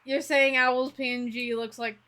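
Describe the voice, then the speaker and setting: A young woman streamer chatting casually with a guest, animated and playfully teasing, often laughing. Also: high voice, moderate pace.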